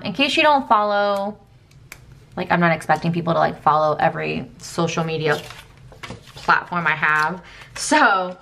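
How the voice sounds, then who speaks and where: A woman's voice: mid-range voice, pushed and bright. A young adult woman chatting casually as she plans, rambling with fillers and asides. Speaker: planner vlogger. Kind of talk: casual chat while planning.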